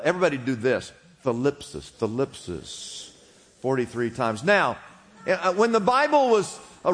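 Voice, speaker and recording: A man's voice: high voice, a bit bright, in a large hall. A man preaching a sermon to a congregation, explaining a word and asking the people to repeat it after him. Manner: teaching, asks congregation to repeat words. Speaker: pastor.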